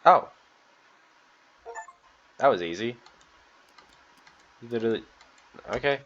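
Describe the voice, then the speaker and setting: A man talks through a game in casual commentary, with loose, profane, emotional reactions. His voice sits low. The recording is dull and lo-fi. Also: unhurried, long pauses, fairly bright tone. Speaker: let's-play gamer. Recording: dull lo-fi sound.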